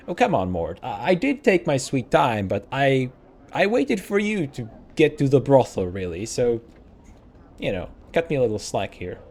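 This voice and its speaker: Brief: easygoing male let's-player, rambly, average pitch, thinking out loud. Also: huge pitch swings, normal speed. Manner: chatty, rambling, restarts and fillers. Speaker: let's play host. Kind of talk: casual gameplay commentary.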